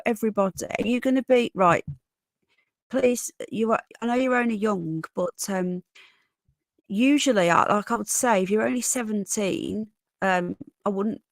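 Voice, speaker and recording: A woman with a Birmingham accent hosts a casual live stream and chats to her viewers, calling them darling and sweetheart. Her voice has a gravelly edge. The sound is dry and close. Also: mid-range voice, dry recording. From Birmingham, England. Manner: chatty, greets viewers with endearments. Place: home bedroom.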